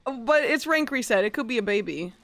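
This woman's slightly high, expressive voice has a fairly bright tone and moves briskly as she live-streams a game in a dry recording. She talks with viewers playfully and with profanity, breaking into gasps and laughter.

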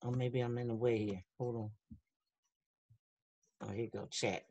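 The recording sounds lo-fi, and the woman's voice is very deep and mellow, with a steady tone and moderate pace. She leads a casual children's class online, chatting warmly and encouraging the kids as she reads their messages out loud.

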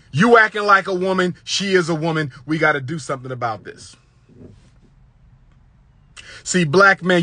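A man lecturing with passion in a preacherly, repetitive cadence, swinging from loud high exclamations to low hushed asides. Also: breathy edge, dry recording. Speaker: public speaker giving relationship advice. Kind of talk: impassioned lecture.

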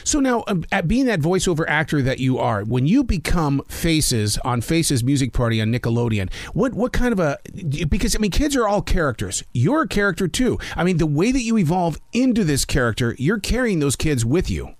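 A man's voice: on the high side, big pitch swings, fairly quick, hardly any pauses, no echo. Man interviewing, dry and close. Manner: enthusiastic, affirming with short "yep"s. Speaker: interview host. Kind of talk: interview questions.

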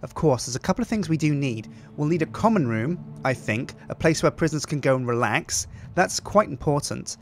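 A man's voice: on the high side, lively intonation, brisk, few pauses. A man hosting game commentary, chatty and upbeat, thinking aloud as he plays. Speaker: host.

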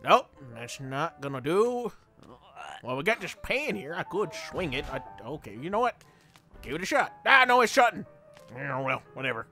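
A young man doing excitable let's play commentary, yelping and laughing as he plays. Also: on the high side, moderate pace, soft background music. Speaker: gaming channel host.

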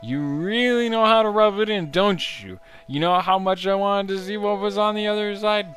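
A boozy old sailor slurs his words in a higher, strained register that sits far from an everyday voice, as a man puts him on. He drawls as he reads out a video game's dialogue, with game music behind. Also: normal speed, a bit bright. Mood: boozy, wistful. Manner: slurred drunk voice. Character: drunken old male sailor helmsman.

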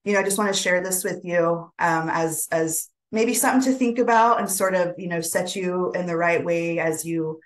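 A woman with a somewhat low voice tells a traditional animal story to a webinar audience. She speaks gently and without hurry, and the telling is dotted with soft fillers. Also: rough recording. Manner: gentle, unhurried, many fillers. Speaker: webinar presenter. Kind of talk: oral storytelling.

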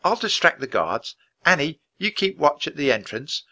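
Hushed raven leader, calm and commanding, man reading. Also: on the high side, normal speed, voice pushed up, full character voice. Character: calm young boy wizard in raven form, leader.

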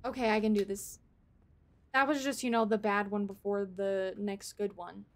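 A woman streaming a game live, chatting with a friend and talking to herself, swinging between quiet mutters and loud outbursts. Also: mid-range voice, steady tone, moderate pace. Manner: talks to herself and chats with a friend while playing.

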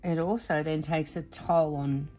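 A woman's voice: low voice, fairly even intonation, unhurried, dark tone, soft background music. A woman chatting casually while she does diamond painting, rambling with many fillers and restarts, and sounding emotional and worn out. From Australia. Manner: emotional, admits exhaustion. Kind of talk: casual chat while crafting. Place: home craft room.

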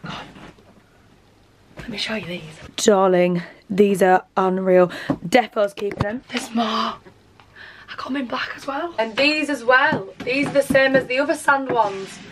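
A young woman with a Yorkshire accent talks casually and excitedly to her viewers while tidying up at home. Her voice sits a little on the high side, and there is a faint hiss behind her. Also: unhurried. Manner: chatty and excitable, talks to camera while sorting. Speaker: vlogger. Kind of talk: casual vlog chat. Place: bedroom at home.

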